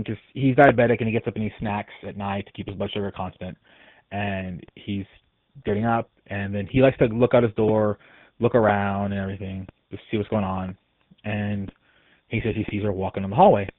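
Speaking fairly quickly in a steady, fairly low voice, a man from Texas phones in with a ghost story, rambling and restarting with lots of fillers. His call sounds tinny and dry, without room sound.

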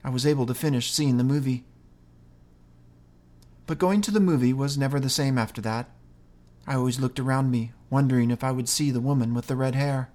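Guy reading a creepy story out loud, slow and measured, plain voice. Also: medium pitch, steady tone. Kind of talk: scripted first-person narration.

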